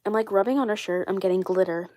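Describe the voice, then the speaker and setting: A woman talks loosely on a live stream, her voice stuffy and congested from a cold. She sits at a middling pitch and rambles, circling back and repeating herself with plenty of "like" and "you know". The sound is dry and close, with no room around it. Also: fast talker, warm tone, no echo. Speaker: doll collector vlogger. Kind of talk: casual live-stream chat.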